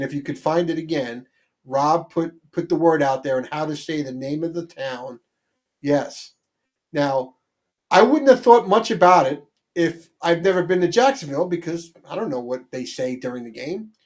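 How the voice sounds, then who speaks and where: A man with a high-pitched voice co-hosts a casual sports talk show. He rambles animatedly, doubling back on his words and restarting sentences as he builds his point. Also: darkish tone. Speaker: sports podcast co-host.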